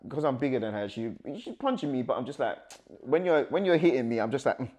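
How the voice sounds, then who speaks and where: A young man telling a personal story as a guest, animated and acting out the dialogue, with nervous laughs. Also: medium pitch, fast.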